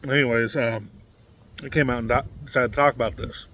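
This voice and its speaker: Brief: man, mid pitch, from Nebraska, combative political vlog rant, halting with fillers. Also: steady tone, fairly bright tone. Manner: blunt and combative, many fillers and restarts. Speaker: political commentary vlogger. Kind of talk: casual opinion monologue to camera.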